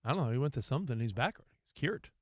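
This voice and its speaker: A man co-hosting a sports talk show, playful and quick with questions for his partner. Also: mid-range voice, animated, no echo, clean studio sound. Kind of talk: casual sports radio banter.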